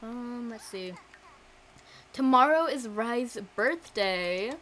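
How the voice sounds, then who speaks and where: A woman's voice: fairly high pitch, animated, takes it slowly, fairly bright tone, slight background noise. A young woman streaming a life-simulation game, chatting casually to her viewers and coaxing her characters along. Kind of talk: casual gameplay commentary.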